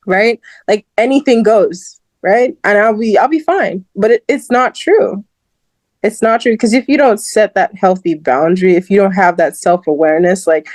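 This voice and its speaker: A young woman from Southern California co-hosting a casual podcast chat, animated and laughing often, with lots of "like" in her speech. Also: mid-range voice, moderate pace, no room sound. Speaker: guest host.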